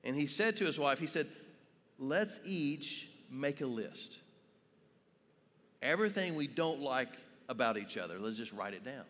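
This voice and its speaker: A man's voice: medium pitch, expressive, measured pace, a bit bright, long reverb tail. A man preaching a sermon as pastor, telling stories and asking his congregation questions. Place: church sanctuary.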